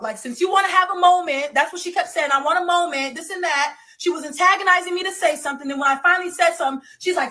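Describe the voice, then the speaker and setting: A woman's voice: extremely high pitch, quick pace, hardly any pauses, pushed and bright. A woman emphatically recounting a conflict, repeating her points and quoting the other person. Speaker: interviewee.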